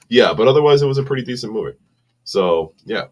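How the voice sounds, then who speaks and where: A man co-hosting a casual podcast, blunt and contrary, swearing freely. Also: mid-range voice. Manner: crude, profane, blunt and contrary. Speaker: podcast co-host. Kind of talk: casual chat.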